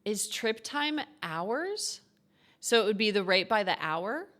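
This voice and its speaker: A young woman works through coding exercises on a casual stream. She mutters to herself and reads lesson text aloud at a middling pitch, with a relaxed, unhurried manner. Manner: thinking aloud, reading code and lesson text half to herself.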